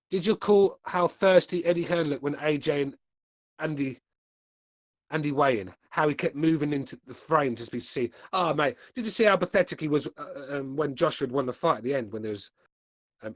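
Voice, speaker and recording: A man's voice: on the high side, brisk, dry recording. A man hosting a podcast, reading live chat with laid-back, crude, mocking banter. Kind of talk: casual live-stream chat.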